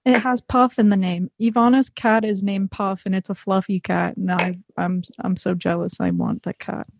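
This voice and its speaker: A woman's voice: medium pitch, fairly even intonation, normal speed, vocal fry, muffled recording, background noise. A woman co-hosting a casual podcast, bubbly and laughing often. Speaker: podcast co-host.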